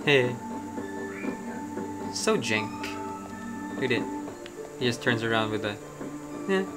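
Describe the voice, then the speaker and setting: A man's voice: mid-range voice, fairly even intonation, slow pace, over loud music. A man streaming a game in casual commentary, thinking aloud with many ums and uhs.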